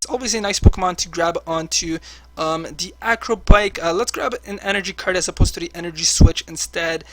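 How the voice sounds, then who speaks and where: A man's voice: high-pitched, a bit bright, no echo. A man commentating his own online card game match as he plays, chatty and full of filler words. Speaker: online card game player and channel host. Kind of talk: live gameplay commentary.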